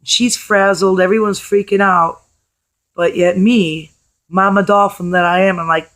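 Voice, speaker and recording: A woman with a hoarse, worn voice tells a story to her camera in a loose, chatty way. She is blunt and swears casually as she talks. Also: medium pitch, fairly even intonation, measured pace, fairly bright tone. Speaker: vlogger.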